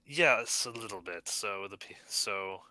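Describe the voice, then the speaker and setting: A man playing his character in a tabletop game, talking in an earnest, halting, hushed way. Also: on the low side, no echo. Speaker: player voicing a character. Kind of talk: in-character tabletop role-play.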